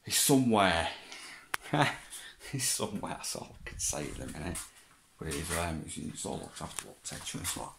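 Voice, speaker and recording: A man with a lowish voice, rambling and chatty, swearing freely and laughing often as he talks to someone who is not there. A faint hiss sits behind him. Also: big pitch swings, moderate pace, vocal fry, a bit bright. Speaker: vlogger. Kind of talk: casual chat, talking to an absent child.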